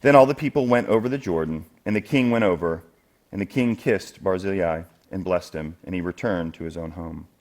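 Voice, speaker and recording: A man preaching a sermon as the church's elder, conversational and animated, jumping much higher and louder when he acts out quoted speakers, then dropping to a quiet, earnest tone to urge his listeners. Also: brisk. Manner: animated, acts out quoted voices with big jumps in pitch and loudness. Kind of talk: expository sermon. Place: church sanctuary.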